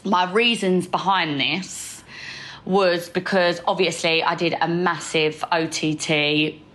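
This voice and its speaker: Chatty young woman, a bit low. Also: steady tone, slow pace, a bit bright, poor audio. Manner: chatty, upbeat, planning aloud. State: heavily pregnant. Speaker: podcast co-host. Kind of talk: casual chat.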